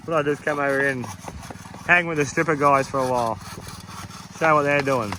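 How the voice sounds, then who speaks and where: A man talks casually over a clearly audible outdoor site noise, his voice sitting a little high for a man. He banters and jokes with his workers and swears freely. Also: steady tone, moderate pace. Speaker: concreter filming his crew. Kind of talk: casual on-site vlog chat. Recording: handheld camera outdoors with noisy background. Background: site machinery and outdoor noise.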